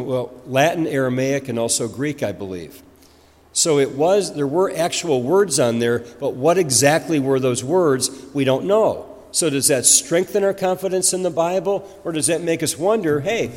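A man's voice: fairly high pitch, a little mellow. A man preaching a sermon as pastor, explaining in a conversational way with fillers and restarts. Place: church. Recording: long reverb of a church hall.

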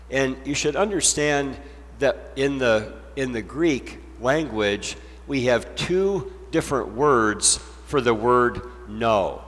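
A pastor delivers his sermon in a slow, measured cadence. He leans on repetition to drive each point home. His voice rings out with a long reverb, as if in a church hall. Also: mid-range voice, fairly bright tone. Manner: slow, deliberate preaching with emphatic repetition.

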